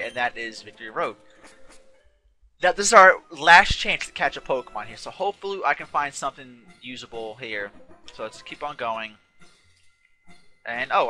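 A man with a bright, forceful, medium-pitched voice hosts a casual let's play, chatting, rambling, and correcting himself as he goes. He's a little tired and yawns, with game music in the background.

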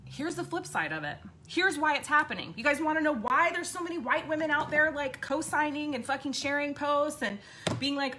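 A woman's voice: high-pitched, animated, a little fast, pushed and bright, a little hiss or hum. A woman host giving an impassioned, blunt monologue, swearing often and repeating points for emphasis. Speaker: podcast host.

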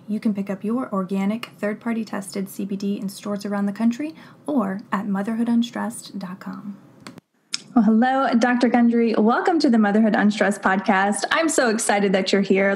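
A woman's voice: medium pitch, breathy edge. A woman hosting a podcast, speaking earnestly and directly to her listeners before welcoming a guest. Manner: earnest, warm-hearted direct address to listeners. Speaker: podcast host. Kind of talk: podcast intro and interview.

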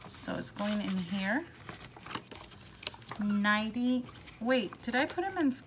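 A woman vlogger chatting casually while counting cash out loud, excitable and upbeat. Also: on the high side, slow pace, noisy background. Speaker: budgeting vlogger.

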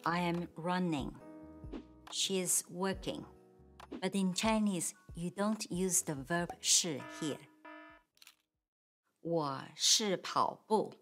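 Female language teacher, calm step-by-step explanations, slightly low voice, takes her time. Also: soft background music. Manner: slow, clear, patient explanation with model sentences. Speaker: Mandarin teacher. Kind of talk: grammar lesson.

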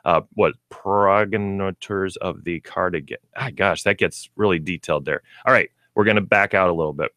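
A man co-hosting a casual pet radio show, reading aloud haltingly and stumbling over hard words. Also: sits low, pushed and bright, no room sound, studio quality. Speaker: co-host, pet store representative.

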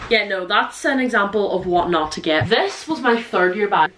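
A woman's voice: mid-range voice, animated, fairly bright tone, a little hiss or hum. Chatty Irish teen girl, echoey room. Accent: Irish, Donegal. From Ireland. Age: teens. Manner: chatty, jokey, quick to laugh. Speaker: vlogger. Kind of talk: casual chat to camera. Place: her bedroom, indoors.

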